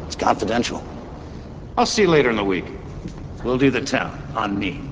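A cool, evasive cop. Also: male voice, lowish voice, normal speed. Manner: laid-back, brushing off questions. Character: cool, evasive male police detective. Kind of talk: film acting. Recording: film clip with steady background noise.

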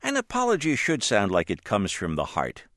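Deep, lively male news reporter. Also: normal speed, no echo, studio quality. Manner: wry, lively delivery. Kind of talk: scripted news narration.

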